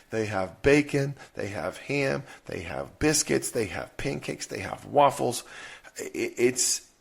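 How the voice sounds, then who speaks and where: A man in his thirties hosting a podcast, talking earnestly and conversationally about his family. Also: mid-range voice. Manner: earnest, conversational, lists things at length. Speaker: podcast host and father. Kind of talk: casual solo podcast monologue.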